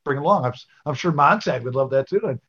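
A man's voice: medium pitch, lively intonation, quick pace, fairly bright tone, breathy edge, lo-fi sound. A man co-hosting a podcast, telling concert stories in a rambling, casual way with lots of fillers. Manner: rambling, with many fillers and restarts. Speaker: podcast co-host. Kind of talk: casual storytelling chat.

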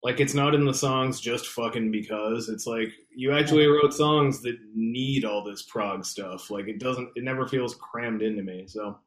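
A man guesting on a podcast, musing in a relaxed way with frequent "like". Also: mid-range voice, moderate pace, few pauses. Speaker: band member guest. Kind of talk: casual podcast chat. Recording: roomy echo.

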